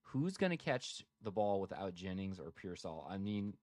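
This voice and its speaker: A man co-hosts a sports talk stream with a laid-back, teasing manner and plenty of dude and brother. His voice sits a bit low, and it sounds dry and close to the mic. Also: sing-song, moderate pace, a little mellow, dry recording. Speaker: sports show co-host. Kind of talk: casual sports chat on a live stream.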